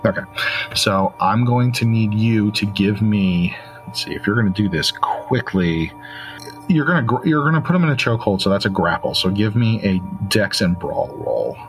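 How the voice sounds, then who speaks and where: Low-voiced man running a tabletop game. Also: soft background music. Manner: relaxed, halting, many fillers. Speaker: game master.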